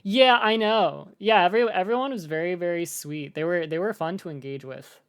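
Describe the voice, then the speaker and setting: A woman's voice: on the low side, brisk, clean tone. A young American woman streaming, chatting casually and rambling with lots of fillers. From United States. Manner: rambling, filler-heavy, animated with laughs. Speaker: streamer reacting to a video. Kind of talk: casual live-stream chat.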